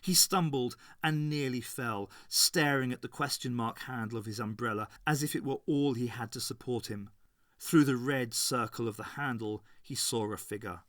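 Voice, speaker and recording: Male audiobook narrator, mid-pitched, measured, dry studio-close sound. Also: a bit bright, no room sound. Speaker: audiobook reader. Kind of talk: scripted narration.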